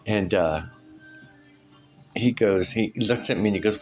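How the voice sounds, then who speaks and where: A man's voice: lowish voice, unhurried, faint music behind. A man casually telling a personal story in a rambling way, full of fillers and "right?" asides. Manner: rambling, with many fillers and tag questions. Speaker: storyteller recounting a personal experience. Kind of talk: casual spoken anecdote.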